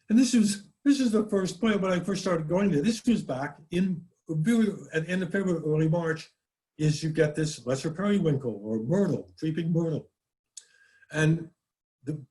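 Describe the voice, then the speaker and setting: On a low-quality recording, a New England-accented nature presenter delivers a relaxed slide talk, chatty and folksy, often starting over mid-thought and occasionally doing birdsong impressions. His voice runs a little high with a darkish tone.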